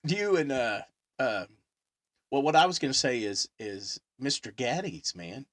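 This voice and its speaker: A man hosting a podcast in casual chat, telling animated, rambling stories full of fillers. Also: mid-range voice, a little slow, no room sound. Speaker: podcast host.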